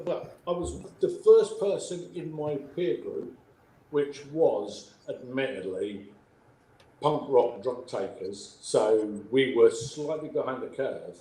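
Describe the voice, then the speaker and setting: A middle-aged man with a British accent, a guest author telling stories in casual chat, profane and animated. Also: a little high, a little hiss or hum. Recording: echoey room, faint ambience.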